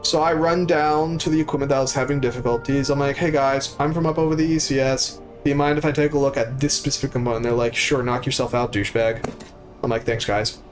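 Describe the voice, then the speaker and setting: Speaking fast in a steady, mid-range voice, a young live streamer casually tells a story while faint music plays. He swears throughout and imitates the people he's describing.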